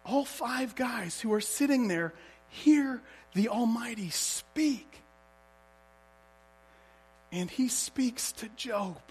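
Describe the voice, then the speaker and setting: A man's voice: very high voice, slow pace, pauses often, a little mellow, husky. A man preaching a sermon as a pastor, telling stories vividly and asking the congregation rhetorical questions.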